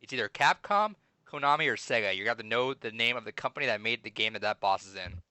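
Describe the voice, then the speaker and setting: A man's voice: medium pitch, expressive, quick pace, bright, forceful tone, no room sound. A man hosting a casual gaming podcast, running a trivia quiz and teasing his co-hosts with frequent laughs.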